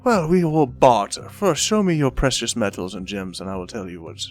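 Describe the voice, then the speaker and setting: A man's voice: medium pitch, sing-song, brisk, lightly acted. A man voicing a tough, blunt woman mercenary who haggles over coin, over faint music. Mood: haggling.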